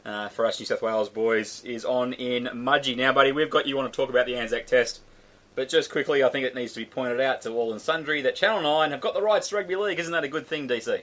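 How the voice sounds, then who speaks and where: A man's voice: medium pitch, fairly bright tone. An Australian man hosting a casual sports chat show, chatty and joking. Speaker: host.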